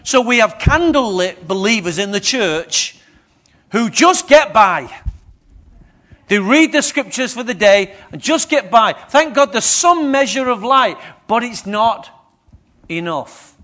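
High-voiced preacher. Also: male voice, slow pace. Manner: lively, questions the congregation. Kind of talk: sermon.

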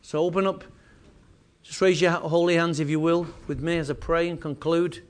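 A man pastor leading his church in a fervent closing prayer, at times speaking in tongues and rising to loud calls. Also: fairly high pitch, level tone, normal speed. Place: church sanctuary.

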